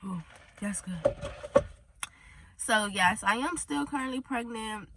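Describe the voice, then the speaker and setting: With a higher, expressive voice and a slow pace, a pregnant teen vlogger tells a story from inside a car over some background noise. Rambling and chatty, she often says "y'all," and she comes across as slightly weary and low.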